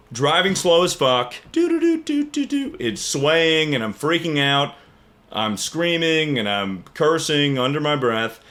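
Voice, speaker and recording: A young man telling a story in a casual, profane rant, jumping between loud outbursts and low mutters. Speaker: streamer.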